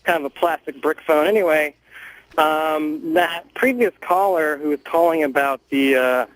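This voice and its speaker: Guy calling in over a muffled cell phone, halting and unsure, slightly high voice. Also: no echo. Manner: hesitant, halting, full of fillers. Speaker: caller. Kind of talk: call-in radio talk.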